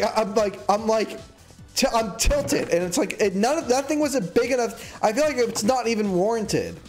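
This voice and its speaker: Streamer, man in his twenties, high voice, agitated rambling rant, soft music bed. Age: 20s. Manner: rambling, agitated ranting with many restarts. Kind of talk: casual live-stream chat.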